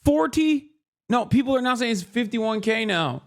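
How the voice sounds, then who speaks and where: A man live streaming, reacting to the news in an animated, profane, sarcastic rant with mocking impressions. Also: high voice, brisk. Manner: mocking impressions of other people.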